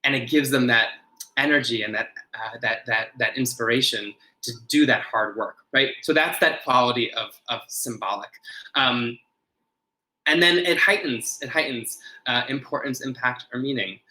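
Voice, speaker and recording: A man's voice: mid-range voice, normal speed, bright, forceful tone, poor audio. A man who is a podcast guest, earnestly explaining ideas and often restarting his phrases. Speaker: podcast guest, ritual designer.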